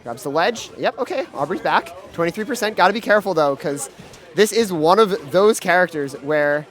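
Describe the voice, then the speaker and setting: A man doing live play-by-play commentary at a gaming event, excitable and full of fillers and restarts. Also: sits high, moderate pace. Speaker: esports commentator.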